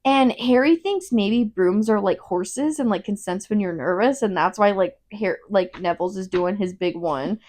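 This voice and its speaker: A woman's voice: medium pitch, darkish tone. A young woman co-hosting a casual book review chat, retelling the plot in a rambling way and saying "like" constantly. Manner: rambling, fills every gap with "like", quick retelling. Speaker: podcast co-host.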